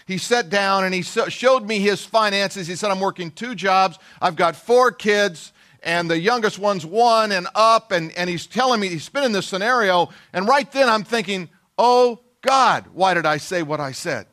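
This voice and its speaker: Bright-voiced man preaching a story. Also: high-pitched, normal speed. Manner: folksy, self-deprecating storytelling with quoted dialogue. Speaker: pastor. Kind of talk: sermon storytelling.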